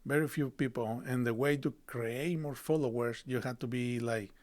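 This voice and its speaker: Man speaking halting, English. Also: medium pitch, steady tone, darkish tone. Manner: halting, many fillers and restarts, non-native phrasing. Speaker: guest, marketing business owner. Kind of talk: casual podcast chat.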